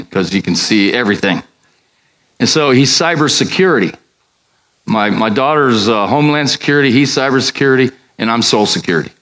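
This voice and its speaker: An older man preaching as a pastor, telling a story and acting out the dialogue with sudden high jumps in his voice. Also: poor audio. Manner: animated, acts out dialogue with big pitch jumps. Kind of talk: sermon storytelling.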